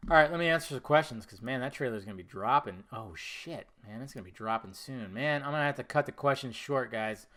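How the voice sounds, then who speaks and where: Male podcast host, solo rant, heated, swears often, high voice. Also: expressive, moderate pace, pushed and bright. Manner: heated, swearing, emphatic rants.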